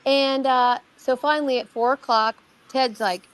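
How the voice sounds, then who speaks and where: Speaking a little slowly in a smooth, high voice with a steady tone, a middle-aged woman chats casually as a guest about an amateur investigation she carried out herself. Her telling wanders, with repetitions, restarts and quotations of what others said.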